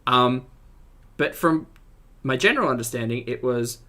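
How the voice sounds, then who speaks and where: Bright-voiced man reacting. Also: mid-range voice, normal speed, long pauses. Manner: animated, exasperated, chatty. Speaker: reaction streamer. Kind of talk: casual reaction commentary.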